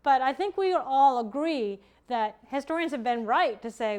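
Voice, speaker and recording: A woman historian delivers an academic lecture in a thoughtful, explanatory way, often restarting and correcting herself mid-sentence, so her delivery is halting. Her voice is high-pitched and animated, a little mellow, with a clear, resonant tone.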